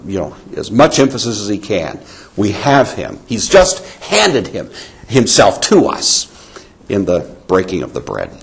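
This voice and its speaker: A man teaching a Bible lesson in a conversational, emphatic way. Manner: conversational, emphatic, animated pitch. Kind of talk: sermon-style Bible lecture.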